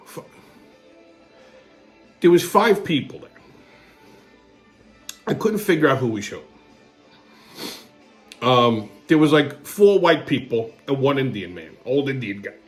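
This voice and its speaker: A man's voice: medium pitch, slow, pauses often, faint music behind. Foul-mouthed, sarcastic male host ranting. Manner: profane, sarcastic and swinging between muttering and excited outbursts. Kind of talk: comedic storytelling monologue.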